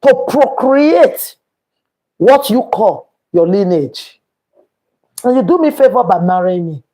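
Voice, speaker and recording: A woman's voice: mid-range voice, animated, slow pace, dark tone. A woman with a Nigerian accent hosting a live stream, talking emphatically and quoting scripture as she repeats her points. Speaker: livestream host. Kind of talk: preachy live-stream talk.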